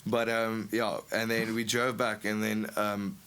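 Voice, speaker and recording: A young man with a South African accent, a band frontman telling a story on a podcast, animated and laughing, acting out what people said. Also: fairly low pitch, unhurried, clean tone. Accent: South African English. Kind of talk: casual storytelling chat.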